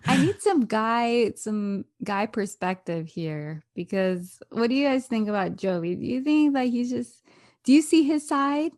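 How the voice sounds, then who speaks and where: A woman co-hosting a podcast, chatting casually in an animated way and laughing often. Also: on the high side, a little slow. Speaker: podcast co-host. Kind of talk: casual chat recapping a reality show.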